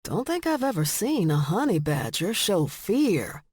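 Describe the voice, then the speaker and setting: A woman's voice: medium pitch, big pitch swings, a little slow, darkish tone, slightly rough, no room sound, studio quality. A woman narrator voicing an easygoing Southern man with a laid-back Tennessee drawl. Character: easygoing Southern male wolf shifter.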